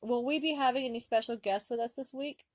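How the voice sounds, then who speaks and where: A woman's voice: on the high side, a little fast, no room sound, pitched above the performer's own voice, natural voice. A woman voicing a flustered, deferential male first officer who stammers and says sir a lot.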